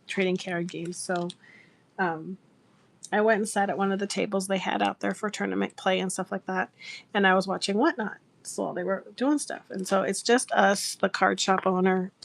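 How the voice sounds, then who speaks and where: A middle-aged woman hosts a craft livestream as a seller, chatting casually and breaking into laughter as she tells a funny story. She's animated and laughs often. Her voice is gravelly, at medium pitch, with a moderate pace.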